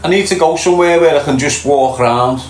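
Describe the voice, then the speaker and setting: A man's voice: on the high side, fast talker, a little hiss or hum. Echoey Liverpool man chatting live. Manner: blunt, swearing, chatty with viewers. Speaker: livestream host. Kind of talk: casual live chat reading comments. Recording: echoey room, faint ambience.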